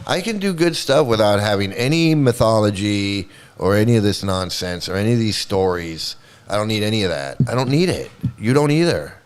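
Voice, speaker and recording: A man hosting a livestream, ranting angrily and sarcastically, with a lot of swearing. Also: lowish voice. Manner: angry, sarcastic, heavy swearing. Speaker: host. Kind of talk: profane ranting livestream commentary.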